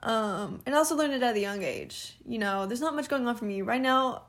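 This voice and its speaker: Her voice is high-leaning, expressive, and fairly quick. Around twenty years old, she's the host of her own podcast, venting casually and candidly while rambling, leaning on fillers, and laughing now and then.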